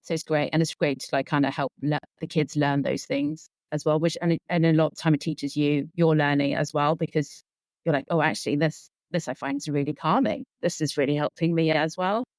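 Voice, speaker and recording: A woman's voice: low voice, fairly quick, no room sound. A woman in her thirties, a sleep consultant guest on a podcast, talking earnestly and rambling with lots of filler words. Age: 30s. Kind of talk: casual conversational interview.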